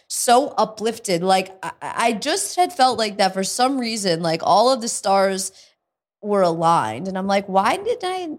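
A woman co-hosting a podcast, telling stories in a casual chat and laughing often. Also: medium pitch. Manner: laughs often, animated storytelling. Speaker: podcast co-host.

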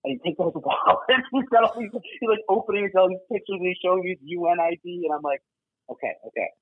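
Husky new guy telling stories, swears a lot, tinny phone sound, dry. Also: high-pitched, quick pace, dry recording. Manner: casual, swears, many fillers. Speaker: guest, former double agent. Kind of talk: animated storytelling.

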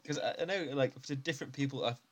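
A man's voice: medium pitch, fast, fairly bright tone. A man from England chatting casually on a podcast, rambling and thinking aloud with lots of fillers. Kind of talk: casual chat.

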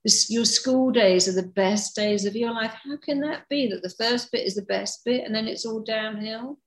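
A woman's voice: fairly high pitch, normal speed. A middle-aged woman speaking in a podcast conversation, emphatic, acting out the people she quotes. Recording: roomy echo.

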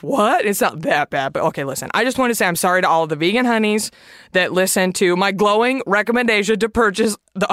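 A woman's voice: on the low side, a bit bright, clean tone, no room sound, studio quality. A woman hosting a podcast alone, chatting in a confessional, emphatic way and swearing freely. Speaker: podcast host. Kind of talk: casual solo podcast chat.

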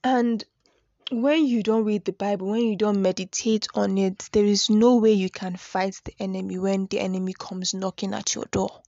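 A woman's voice: medium pitch, fairly even intonation, normal speed, mellow, dry recording. A woman talking earnestly and conversationally as she shares a personal devotional reflection. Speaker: devotional speaker. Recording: dull lo-fi dry recording.

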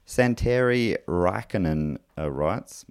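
A man's voice: low voice, lively intonation, slow pace, smooth, dry recording, studio quality. A man hosting a podcast, chatting casually in a loose, rambling way with plenty of fillers and restarts. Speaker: podcast host and comedian. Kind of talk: casual podcast chat, reading listener mail.

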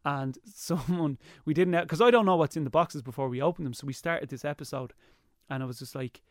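Irish man telling stories, slightly high voice. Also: fairly quick, no echo, studio quality. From Ireland. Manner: lively storyteller, slips into impressions. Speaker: guest, YouTuber. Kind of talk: casual interview chat.

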